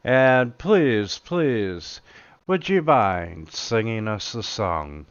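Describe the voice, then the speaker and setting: A man's voice: fairly low pitch, lively intonation, drawn-out words, smooth, dull audio, full character voice. A man voicing a sheepish, burly tavern drunk who apologizes clumsily and too politely. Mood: boisterous. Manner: bumbling, overly polite apology.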